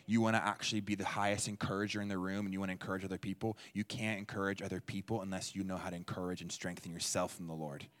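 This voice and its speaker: A man preaching a sermon in a church, talking in a conversational, energetic way and acting out quoted people. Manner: conversational and energetic, jumps into playful high-pitched voices for quoted people. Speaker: pastor.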